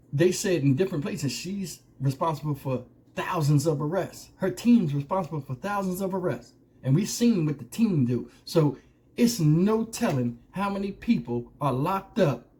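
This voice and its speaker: A man rants straight to his viewers, his voice sitting noticeably high for a man. He rambles, throws out rhetorical questions and swears freely as he builds his case. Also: mellow. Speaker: commentary channel host. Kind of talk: opinionated commentary monologue.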